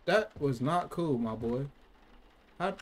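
A man doing casual gaming commentary, reacting loudly and swearing, with sudden outbursts between quieter remarks. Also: mid-range voice, lively intonation, takes it slowly, a little hiss or hum. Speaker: gaming channel host. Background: loud game music.

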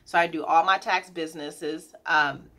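Woman, thirties, casual vlog, candid and chatty, bright lowish voice. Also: steady tone, moderate pace. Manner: chatty, candid, gets emotional, many fillers. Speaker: colon hydrotherapist and business owner.

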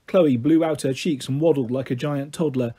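A man narrating a children's book in a gentle, steady reading voice. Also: medium pitch, normal speed, slightly rough. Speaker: storyteller.

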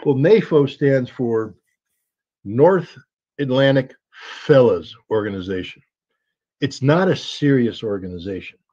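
A man's voice: mid-range voice, lively intonation, measured pace, warm tone, slightly rough. A man telling a story as an interview guest, rambling with many fillers and restarts and acting out the voices of people he quotes. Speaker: interview guest, former weapons inspector. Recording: dull lo-fi sound.

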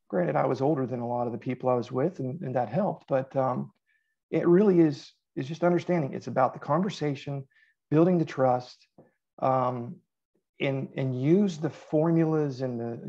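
A middle-aged man talking casually as a podcast guest, telling animated stories and quoting himself. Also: mid-range voice, creaky, dull audio. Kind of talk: casual interview chat.

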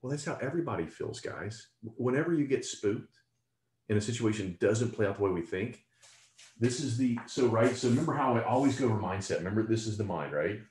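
A man's voice: lowish voice, animated, brisk, darkish tone, reverberant. A man coaching a team on mindset, asking the group rhetorical questions. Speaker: business mentor.

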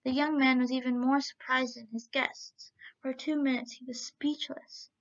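A woman narrating a storybook tale at a steady pace, with occasional slips. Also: sits high, normal speed. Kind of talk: storybook reading. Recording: dull lo-fi recording.

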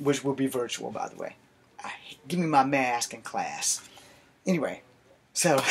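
A man telling a story from his youth in a casual live stream, animated and profane. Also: mid-range voice, slight background noise.

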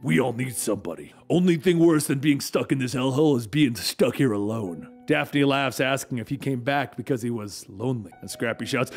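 A man's voice: medium pitch, animated, moderate pace, few pauses, faint music behind. A man narrating a comic book story in a dramatic, conversational way.

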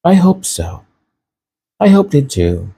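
A man's voice: a little high, big pitch swings, takes it slowly, gravelly, mellow, slight background noise. A man hosting a raw commentary monologue, impassioned and sarcastic. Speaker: channel host.

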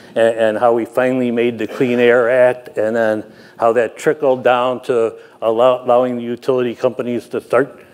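An older man, a production manager, telling a self-deprecating story with frequent halting restarts. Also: mid-range voice, darkish tone. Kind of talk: anecdotal storytelling talk.

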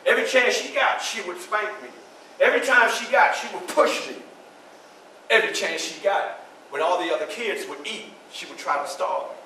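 A grave, earnest formerly enslaved man, played by a male reenactor tells his story in a theatrical first-person monologue. He leans on emphatic repetition, and his voice is high and bright. It was recorded by a distant camera in a very echoey room with a faint background hum. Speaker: historical reenactor. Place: library event room.

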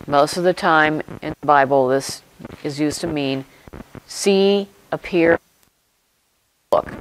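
A pastor preaching a sermon, retelling a scripture story in slow, deliberate short phrases with pauses and reflecting aloud. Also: medium pitch, a little hiss or hum, poor audio.

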